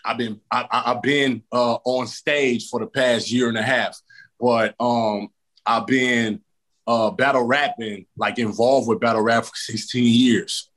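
A man from California, a rapper, talking casually in an interview with slangy, animated storytelling. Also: medium pitch, unhurried. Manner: slangy, animated storytelling with many repeated starts. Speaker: rapper guest.

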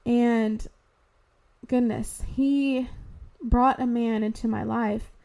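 A woman's voice: a little high, fairly even intonation, gravelly, mellow. A young woman telling her personal faith testimony in an earnest, heartfelt way, at times fighting back tears. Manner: earnest, heartfelt, slow and deliberate. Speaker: podcast host sharing testimony.

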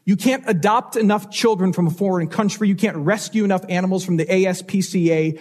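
A man's voice: high voice, fairly quick, a little mellow. A man preaching a sermon as pastor, telling stories and asking rhetorical questions with changing emphasis.

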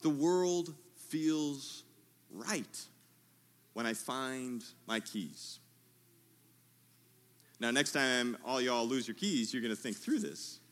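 A man preaching a sermon in a tent, telling a humorous story in a lively way and calling out to his listeners. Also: mid-range voice, slow pace, long pauses. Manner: lively, humorous storytelling with audience call-outs. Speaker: pastor.

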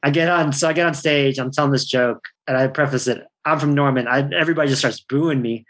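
A man's voice: medium pitch, steady tone, fast, fairly bright tone. A man in his thirties, a stand-up comedian, telling stories in a rambling, laid-back way, swearing freely and laughing often. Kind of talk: casual chat.

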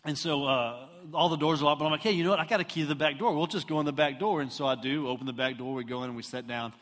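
A man's voice: a little high, very fast. Man from Houston preaching in a reverberant hall. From Houston, Texas. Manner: animated, self-mocking storyteller who acts out voices. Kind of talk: storytelling sermon.

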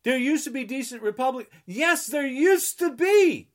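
A man's voice: very high voice, expressive, moderate pace. A man from New Jersey delivering an angry political rant, sarcastic and indignant, repeating mocking refrains and scolding his listeners. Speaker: political commentator.

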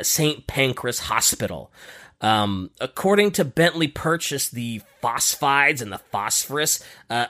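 A man hosting a casual podcast, telling a history story with lively emphasis and frequent fillers. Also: mid-range voice. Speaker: podcast host.

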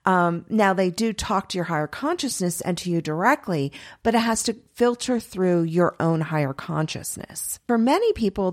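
A middle-aged woman giving a chatty, earnest spiritual talk, laughing often and voicing her inner thoughts in quick asides. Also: mid-range voice. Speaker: spiritual teacher. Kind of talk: spiritual teaching monologue.

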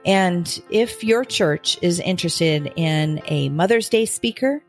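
A woman's voice: lowish voice, expressive, slow, faint music behind. A woman host reading a friendly closing announcement for her show. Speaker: podcast host.

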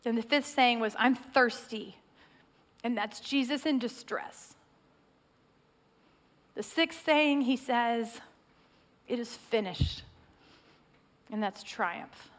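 Woman preacher, slightly high voice, earnest sermon delivery with rhythmic, building cadence. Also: takes it slowly, pauses often.

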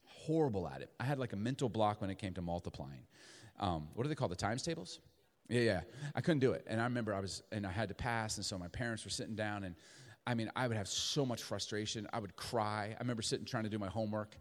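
Animated male pastor in a reverberant hall. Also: fast. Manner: animated, swings between booming emphasis and hushed intimacy. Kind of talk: sermon.

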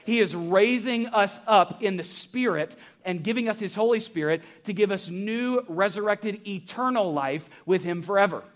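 High-voiced pastor guy preaching, lively, jokes around, asks the room questions. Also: moderate pace, few pauses. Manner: animated preaching with humor and rhetorical questions. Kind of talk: sermon. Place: church sanctuary.

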